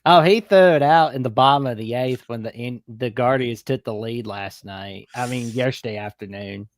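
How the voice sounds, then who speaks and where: A man's voice: mid-range voice, normal speed. A man co-hosting a sports podcast, laid-back and joking, mostly giving short answers. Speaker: podcast co-host. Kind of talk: casual sports podcast talk.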